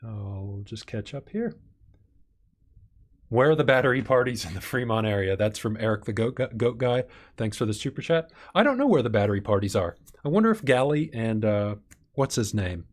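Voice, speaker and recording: A man's voice: fairly low pitch, big pitch swings, moderate pace. A man hosting a live stream Q&A, reading viewer questions and thinking aloud with some fillers. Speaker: channel host.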